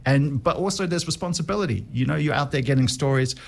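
A man's voice: a little high, fast talker, gravelly. A man in his forties with a New Zealand accent, a comedian guest talking in a wry, self-deprecating way with many restarts. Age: 40s. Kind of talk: casual interview chat.

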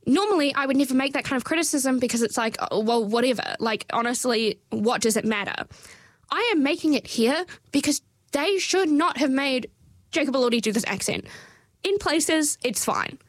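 A woman's voice: high voice, expressive, normal speed, no echo. A woman giving a casual, chatty film review, full of fillers, restarts and wry asides.

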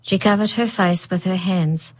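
Low-voiced woman reading a storybook. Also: normal speed. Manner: reads with voiced characters. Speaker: audiobook narrator. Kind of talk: storybook narration.

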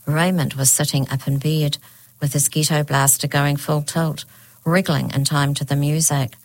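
A woman narrating a children's story aloud in a clear, expressive storytelling manner. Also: deep voice, moderate pace, low-quality recording.

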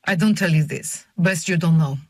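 A woman's voice: low-pitched, moderate pace, no echo, studio quality. A woman reading an audiobook, voicing a guarded, terse, thin man who speaks in blunt, formal, sing-song English.

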